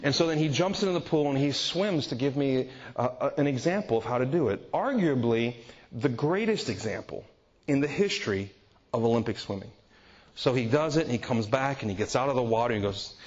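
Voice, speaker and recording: A man's voice: mid-range voice, animated, fairly quick. A man preaching to a crowd, telling a funny story against himself and acting out the quotes. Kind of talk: humorous sermon story. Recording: dull lo-fi audio with crowd laughter.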